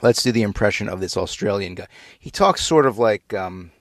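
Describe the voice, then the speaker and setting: A man's voice: lowish voice, animated, brisk, no echo. Guy doing a snarky radio monologue, keeps tripping on words, dry close sound. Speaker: radio show host.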